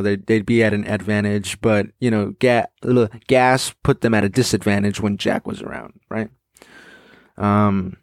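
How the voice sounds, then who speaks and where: A man's voice: fairly low pitch, no echo, clean studio sound. A young man hosting a podcast, reading a comic aloud and chatting casually about it with fillers and crude asides. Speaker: podcast host.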